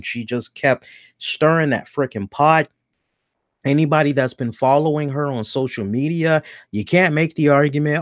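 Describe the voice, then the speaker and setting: Blunt, animated man with a bright voice. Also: fairly high pitch, a little slow, dry recording, studio quality. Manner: blunt, animated, swears freely. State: hiccuping after beer. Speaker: podcast host. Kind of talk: casual commentary.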